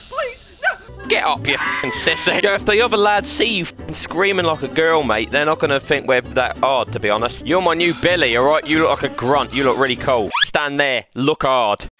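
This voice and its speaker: A man narrating VR gameplay, bantering in a brash, laddish way with mock-gangster threats. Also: a little high. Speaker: gaming channel host. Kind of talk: playful VR gameplay commentary. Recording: gameplay audio with loud music.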